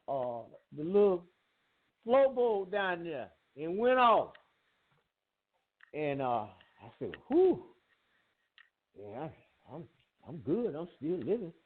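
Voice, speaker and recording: A man hosting a call-in show, telling a story in a lively, animated way and acting out the voices in it. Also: high-pitched. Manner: animated storyteller, acts out quotes, laughs often. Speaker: host. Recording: tinny phone line.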